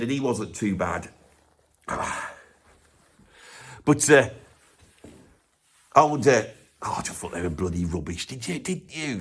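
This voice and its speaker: Casting: man playing a middle-aged Brummie rock fan, rambling and scoffing, voice sitting a little high. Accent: Birmingham. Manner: rambling, swears often, scoffing. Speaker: comedy character host. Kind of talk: comic rant to camera.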